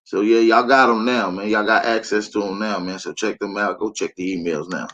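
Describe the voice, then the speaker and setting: A man's voice: on the low side, fairly even intonation, fairly quick, a bit bright, highs cut off, slight background noise. A man hosting a livestream, talking casually in slang and speaking straight to his chat. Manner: laid-back slang, addresses the chat directly. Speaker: show host.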